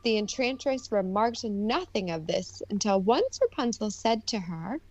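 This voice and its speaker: A woman podcast co-host reading a fairy tale aloud and chatting, animated and teasing. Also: medium pitch, measured pace, lo-fi sound. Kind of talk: casual chat and storybook narration.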